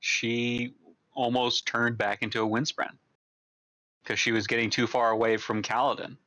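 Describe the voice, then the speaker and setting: Bright American book club member, dry sound. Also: mid-range voice, flat delivery, normal speed, no echo, poor audio. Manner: eager, explains lore with confidence. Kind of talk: casual book discussion.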